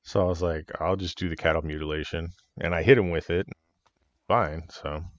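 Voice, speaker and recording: A man's voice: deep voice, fairly even intonation, normal speed, no echo. A man co-hosting a podcast, telling locker-room stories in casual chat, laughing often and swearing freely. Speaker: podcast co-host, wrestler. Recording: dull, muffled audio.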